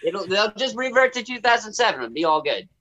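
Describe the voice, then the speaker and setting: A man's voice: high-pitched, sing-song, a little fast, sharp tone. A man in casual podcast chat, joking and mocking, laughing as he talks. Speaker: podcast co-host.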